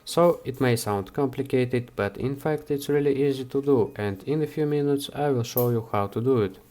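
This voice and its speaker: A man hosting a software how-to, talking the viewer through each step with frequent hesitations. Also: mid-range voice. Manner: unhurried, with frequent "uh" fillers. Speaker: software tutorial host. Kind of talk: screen-recorded how-to walkthrough.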